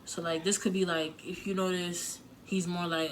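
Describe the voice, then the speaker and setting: A young woman vlogs casual relationship advice straight to camera, blunt and emotional, swearing freely and leaning heavily on filler words. Her voice sits fairly low with little pitch movement, at a moderate pace. The recording is rough, with slight background noise.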